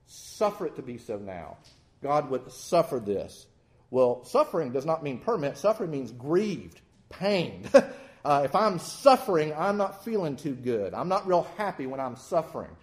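A man preaching a sermon in a folksy, animated way with self-deprecating humor. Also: a little high, normal speed.

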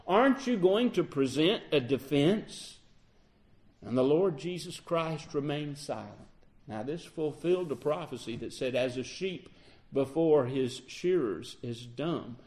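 A man preaching a sermon, acting out the quoted dialogue with lively emphasis. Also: a little high.

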